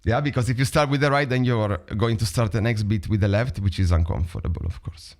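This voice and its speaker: A man's voice: fairly low pitch, brisk. A man with an Italian accent teaching a drum lesson over a video call, chatting and vocalizing rhythms aloud.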